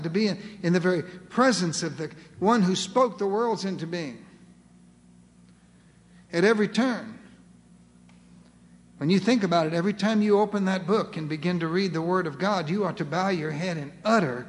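A high-voiced man preaches a sermon as pastor, speaking earnestly and slowing down for emphasis while repeating his key phrases. His words trail off into the long reverb of a large hall.

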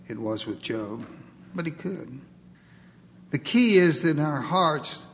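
A man preaching a sermon, dramatically acting out prayers and dialogue, swinging between loud pleas and near-whispers. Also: mid-range voice, big-room sound, a little hiss or hum. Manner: dramatic, acts out dialogue with God.

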